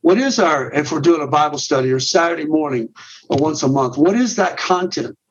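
A man's voice: a little high, fairly quick. A middle-aged man, a men's ministry leader, explaining his method step by step in a podcast interview with frequent restarts and repeated words. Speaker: guest, men's ministry director. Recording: dull, muffled sound.

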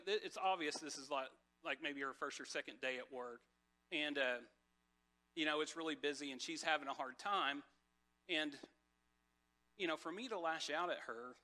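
A man's voice: fairly high pitch, sharp tone. A man preaching a casual sermon, telling a personal story with many fillers and restarts. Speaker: pastor.

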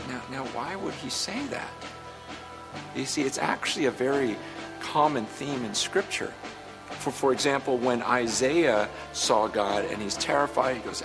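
A man's voice: medium pitch, moderate pace. A man preaching a sermon in a conversational way, acting out little dialogues. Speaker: pastor. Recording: music playing under the voice.

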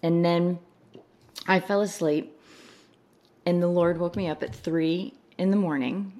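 A woman's voice: on the low side, a little slow. A woman telling a personal story in a casual chat, acting out the voices of the people she quotes. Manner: animated retelling, laughing through quoted lines. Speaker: guest.

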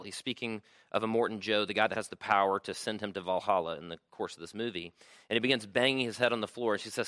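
A man's voice: lowish voice, fast, sharp tone, dry recording. A man preaching a sermon to a room, conversational and checking in with "right?" often. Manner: conversational, frequent "right?" tags. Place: room with audience.

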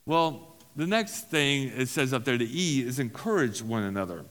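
This pastor's mid-range voice has a sing-song lilt, normal speed and a slightly bright tone, heard with a big-room sound. He's preaching casually to a recovery group in a church hall, returning to key phrases and making fun of himself along the way.

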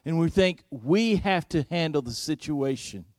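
A male preacher delivering a sermon in an unhurried, measured way, letting each phrase land. His voice sits a touch higher than most men's and swells and drops for emphasis. The sound is dry and close, with no room echo. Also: animated, darkish tone. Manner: slow, deliberate preaching with dramatic swings in volume.

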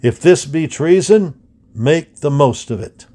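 A man's voice: fairly high pitch, lively intonation, a little slow, mellow. A man doing a thundering colonial orator. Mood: defiant. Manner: thundering, stressing each word. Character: Patrick Henry, fiery young colonial orator.

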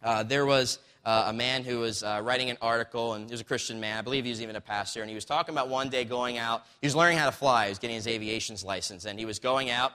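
A pastor preaching a sermon in a conversational, storytelling way, recorded in a church sanctuary. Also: male voice, mid-range voice, fairly even intonation, fast, few pauses, pushed and bright, clear, resonant tone. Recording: long reverb of a large hall.

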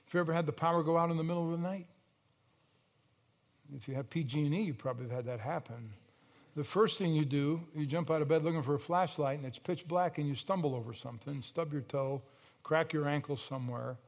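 A male pastor preaching a sermon, telling stories with sudden loud surges and slow, emphatic phrases. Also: on the high side.

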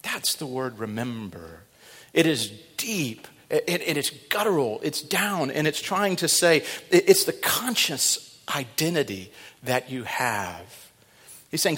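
Fervent preacher in a reverberant hall. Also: male voice, medium pitch. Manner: dynamic preaching, swinging from hushed to loud and fervent. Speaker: pastor. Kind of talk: sermon. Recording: long reverb of a large hall.

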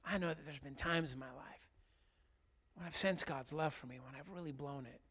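Impassioned male preacher, slightly high voice. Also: moderate pace, husky. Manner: impassioned, swinging from loud emphasis to hushed. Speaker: pastor. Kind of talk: sermon.

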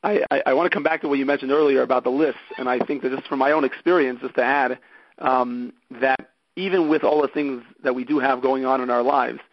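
A man hosting an interview, asking questions in a halting way with frequent restarts. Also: medium pitch, fairly even intonation, no room sound, muffled recording. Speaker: interview host. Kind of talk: podcast interview.

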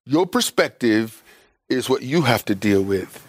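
A man preaching a sermon to his congregation, emphatic and conversational, with everyday vernacular, often jumping up high in pitch to stress a point. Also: expressive, measured pace, husky, dry recording.

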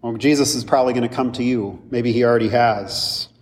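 A man's voice: mid-range voice, steady tone, fairly quick, a little hiss or hum. A man preaches from the pulpit, speaking to his congregation in a conversational way with touches of humor. He sounds set back from the microphone, and his voice rings through a long, echoing church hall. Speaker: pastor. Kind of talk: sermon. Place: church sanctuary. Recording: distant mic with long hall reverb.

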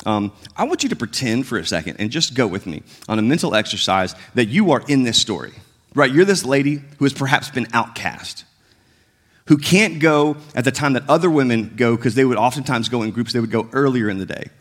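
Lively, conversational male pastor preaching. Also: medium pitch, fairly quick. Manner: conversational, acts out biblical dialogue with shifting tones. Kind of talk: sermon.

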